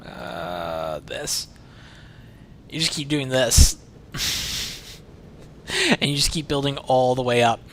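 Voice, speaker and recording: A man's voice: mid-range voice, animated, takes it slowly, pauses often, a little hiss or hum. Chatty male streamer, rambling while playing. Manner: rambling, chatty, swears casually. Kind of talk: casual livestream commentary while playing.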